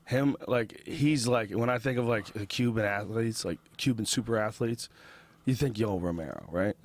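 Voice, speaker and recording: A man's voice: fairly low pitch, normal speed, no room sound. A man hosting a casual podcast chat, curious and loose, with lots of fillers. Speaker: podcast host.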